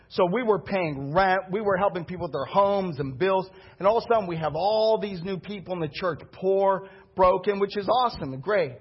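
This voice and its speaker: Husky high-voiced man preaching. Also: dull audio. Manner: animated, conversational, acts out the people he quotes. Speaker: pastor. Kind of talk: storytelling sermon.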